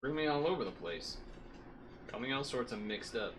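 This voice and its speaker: A man's voice: mid-range voice, lively intonation, normal speed, background noise. A man streaming from home, chatting casually in a rambling, self-correcting way while hot and sweaty.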